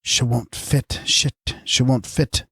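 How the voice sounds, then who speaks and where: A man's voice: mid-range voice, steady tone, takes it slowly, a bit bright, breathy edge, no room sound, clean studio sound, full character voice. A man voicing a brutish drunken English lord who slurs his words thickly. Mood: drunk, bullying. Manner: slurred, thick speech.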